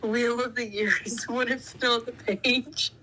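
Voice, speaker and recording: A woman's voice: on the high side, fairly even intonation, unhurried, crowd noise, low-quality recording. A woman joining a live stream call, joking around in casual chat. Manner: joking, crude.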